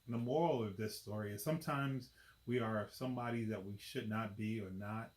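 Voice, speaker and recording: A man's voice: on the low side, a little fast, roomy sound. A man reading a children's picture book aloud, chatty, stopping to explain the pictures and asking "right?" often. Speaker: volunteer reader.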